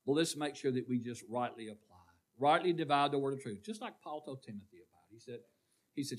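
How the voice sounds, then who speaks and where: A man's voice: mid-range voice, lively intonation, quick pace. A man preaching a call-and-response sermon in a church, quizzing the congregation. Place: church sanctuary.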